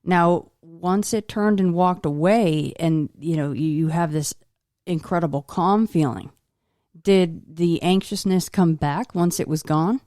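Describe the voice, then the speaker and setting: A woman with a low voice hosts a podcast interview, recorded dry and close. She asks her questions in a relaxed, conversational way and checks in with a quick "right?". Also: no echo. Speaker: podcast host.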